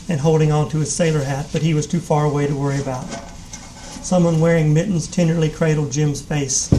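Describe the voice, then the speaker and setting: A man giving a measured live reading of a short story. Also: a little high, noisy background. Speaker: reader.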